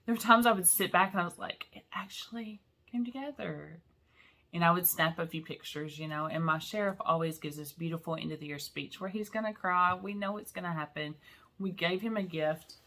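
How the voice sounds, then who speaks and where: Bright-voiced chatty woman vlogger. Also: fairly low pitch. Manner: chatty and emotional, laughing between sentences. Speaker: vlog host. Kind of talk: casual chat.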